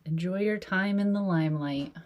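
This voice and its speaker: A woman's voice: lowish voice, normal speed, darkish tone. A woman who hosts an art channel, chatting casually and laughing often as she sketches in her home office. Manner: giggly, rambling, with frequent laughs. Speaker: artist and video host. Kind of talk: casual chat while sketching.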